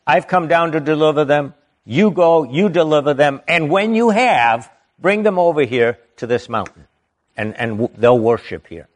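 Reading Bible verses in a slow, deliberate sermon, a man stops now and then to offer emphatic comments of his own. His voice sits a little high.

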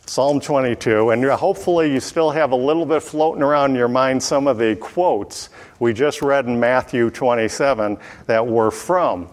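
A man giving verse-by-verse Bible teaching in an unhurried way, often pausing with fillers and clearing his throat. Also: medium pitch, in a large hall.

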